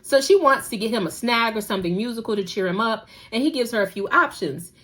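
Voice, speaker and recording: A young woman hosting a casual recap show, animated and gushing, laughing often as she retells scenes. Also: a little high, fast talker. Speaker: podcast host recapping a drama.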